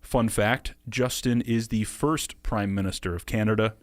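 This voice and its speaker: An American man co-hosting a podcast, talking casually and quickly, laughing often. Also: lowish voice, fairly even intonation, no echo. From United States. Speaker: podcast co-host.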